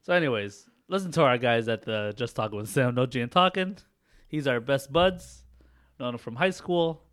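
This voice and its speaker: A man's voice: medium pitch, moderate pace. A man co-hosting a podcast, trading jokes with friends and laughing often. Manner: laughs often, animated and teasing. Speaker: podcast co-host. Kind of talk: casual banter.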